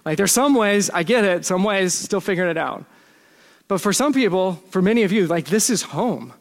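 A man's voice: high-pitched, expressive, moderate pace. A man preaching a sermon as pastor in a church, conversational and self-deprecating, with playful asides. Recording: long church hall reverb.

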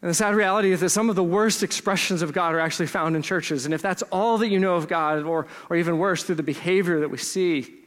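A pastor from Texas telling stories in a relaxed, joking sermon. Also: male voice, high voice, fast, hardly any pauses, big-room sound. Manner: conversational storytelling with humor.

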